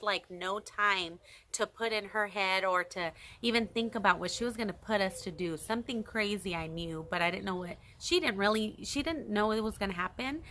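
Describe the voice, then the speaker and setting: A young woman chatting to her camera in a casual storytime, her voice bright and forward. She tells it animatedly and breaks into excited squeals. A faint hiss sits under the recording. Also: medium pitch. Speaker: vlogger.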